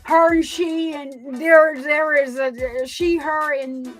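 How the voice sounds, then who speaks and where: A woman's voice: high-pitched, fairly even intonation, takes it slowly, a bit bright, faint music behind. A woman giving casual, emphatic true crime commentary, repeating words and reacting to her chat.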